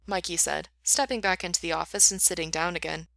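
A woman narrating a story in an even, steady reading voice. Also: on the low side, brisk, creaky, dry recording.

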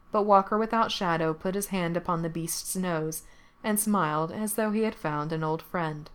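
A woman storyteller reading a fairy tale aloud in a calm, measured way. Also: lowish voice. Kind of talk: storybook narration.

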